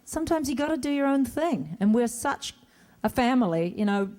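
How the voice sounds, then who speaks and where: A woman's voice: a little high, big pitch swings, moderate pace, warm tone. A woman answering fan questions as an actor guest at a convention, chatty and self-deprecating, speaking into a stage mic in a large hall. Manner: chatty, joking, self-deprecating, restarts often. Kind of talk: convention Q&A panel.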